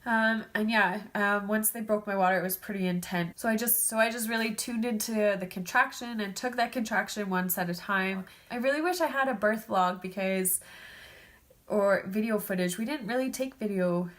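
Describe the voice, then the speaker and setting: A woman's voice: medium pitch, normal speed, fairly bright tone. Stuffy-nosed woman chatting casually. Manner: chatty, lots of "like" and "um". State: stuffed up nose. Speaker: vlogger. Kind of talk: casual storytelling vlog.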